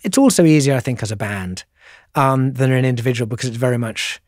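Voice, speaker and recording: A man's voice: mid-range voice, quick pace, darkish tone, no room sound, clean studio sound. A middle-aged man with a posh English accent, chatting as an interview guest in a rambling, self-deprecating way. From England. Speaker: guest musician. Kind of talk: casual interview conversation.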